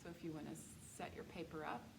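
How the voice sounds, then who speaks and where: A woman's voice: low voice, fairly even intonation, quick pace, vocal fry. A woman teaching a music theory lecture, patiently explaining dictation exercises and counting beats aloud. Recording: echoey room with background noise.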